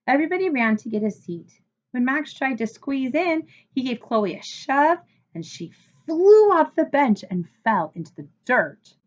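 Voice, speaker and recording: A woman reading a children's chapter book aloud in an expressive way. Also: high-pitched, measured pace, lo-fi sound. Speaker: storybook reader.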